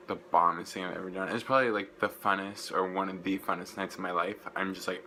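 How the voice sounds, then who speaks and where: A young man, gushing and rambling through an excited casual vlog recap, full of "like" fillers. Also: low voice, a little fast, few pauses, slight background noise, low-quality recording. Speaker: vlogger.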